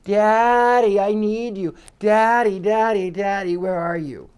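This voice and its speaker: A man's voice: sits high, steady tone, slow, a little mellow, clean tone, voice pushed up. A man voicing a small devil puppet that pleads in a childlike, nasal way. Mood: pleading.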